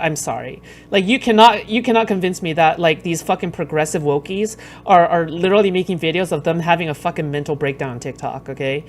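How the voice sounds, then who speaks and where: A woman's voice: fairly low pitch, slight background noise. Profane, exasperated woman streamer. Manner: rambling with many fillers. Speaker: streamer reacting to clips. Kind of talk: casual reaction commentary.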